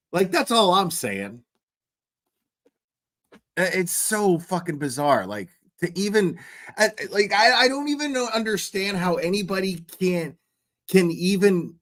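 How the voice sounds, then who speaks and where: A man's voice: on the high side, a bit bright. A man hosting a livestream, reacting to a clip with sarcastic, profane ranting and lots of fillers while chewing gum. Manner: chews gum while talking. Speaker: livestream host.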